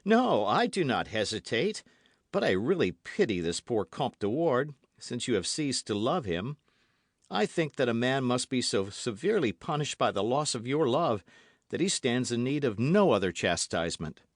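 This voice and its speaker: Narrator doing a gallant young swordsman, eager and earnest, higher than his normal voice, lively. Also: moderate pace, dry recording, studio quality. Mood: ardent.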